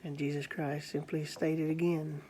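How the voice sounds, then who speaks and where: A preacher tells a sermon story at an unhurried pace. The delivery is earnest and halting, with many pauses, and faint noise sits under the voice. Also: mid-range voice, little pitch movement, mellow. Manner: slow, earnest, halting with fillers.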